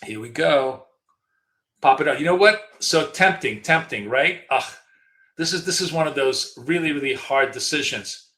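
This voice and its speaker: A man's voice: on the high side, normal speed, sharp tone, reverberant. A middle-aged man co-hosting a live trading stream, talking casually with lots of fillers and restarts. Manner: chatty storyteller, frequent fillers and restarts. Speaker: trading show co-host.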